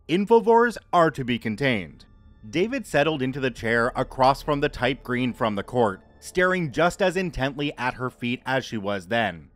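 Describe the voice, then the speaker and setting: A man narrating a scripted horror story in a measured, even reading voice. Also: mid-range voice, no room sound.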